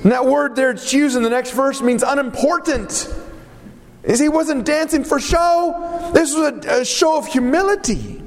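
A man preaching an expository sermon in an animated, conversational way. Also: very high-pitched, normal speed. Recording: long reverb of a large hall.

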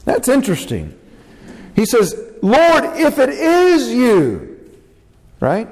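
Man, preacher, sermon, theatrical quotes, high-pitched, echoing hall. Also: slow. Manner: animated, acting out quotes with big pitch jumps. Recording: long hall reverb.

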